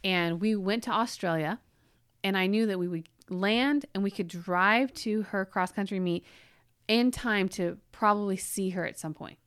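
A woman in her forties co-hosts a casual chat show and tells family stories with strong feeling. Her voice climbs high whenever she acts out what people said. The sound is close and dry, with no room around it. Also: a little slow, clear, resonant tone, dry recording. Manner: emotional storyteller, voice rising high when quoting. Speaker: podcast co-host.

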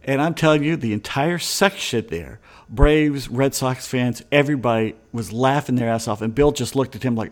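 A man's voice: mid-range voice, normal speed, hardly any pauses. Rambling middle-aged man telling baseball stories. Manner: rambling, anecdotal, chuckles often. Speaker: sports radio host. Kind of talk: casual baseball history chat.

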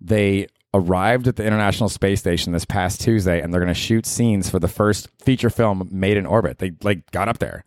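A man with a very low voice hosts a solo comedy podcast. He rambles sarcastically and swears freely as he talks. The sound is dry and close to the mic. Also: a little fast, hardly any pauses, dry recording. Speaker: podcast host.

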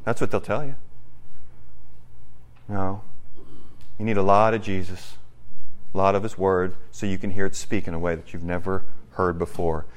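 A man preaching a sermon in an animated, conversational way, with joking asides. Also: low voice, normal speed, long pauses. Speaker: pastor.

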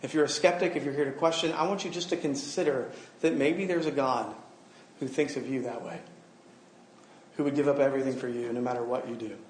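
A man's voice: mid-range voice, fairly even intonation, a little fast, reverberant, a little hiss or hum. A middle-aged man giving a sermon to a gathered audience, talking casually, joking and asking the room questions. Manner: conversational, humorous, asks the room questions. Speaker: campus minister.

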